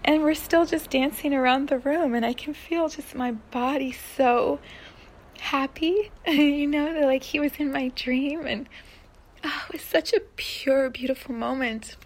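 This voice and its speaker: A woman hosting a spiritual podcast, talking in a soft, dreamy way that often sinks into a breathy whisper. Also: sits high, measured pace, slight background noise. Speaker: podcast host.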